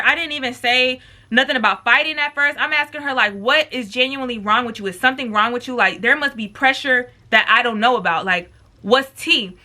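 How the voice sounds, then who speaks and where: A young woman vlogger telling a storytime tale in a casual, profane, slangy way, acting out what people said. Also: fairly high pitch. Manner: animated, profane, slangy storytelling with acted quotes. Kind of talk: storytime with mukbang.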